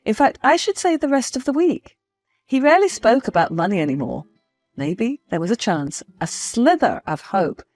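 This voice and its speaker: A woman tells her own story in a confiding, expressive voice that moves widely in pitch. Her voice sits slightly low, and soft music plays underneath. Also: no room sound. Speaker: narrator. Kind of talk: first-person story narration.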